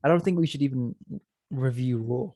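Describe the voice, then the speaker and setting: A young man chats and jokes his way through a casual podcast, quick with silly ideas. His voice sits in the middle range. The sound is dry and close, with no room echo. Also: mid-range voice, mellow. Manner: joking, playful, chatty. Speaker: podcast co-host. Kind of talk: casual chat.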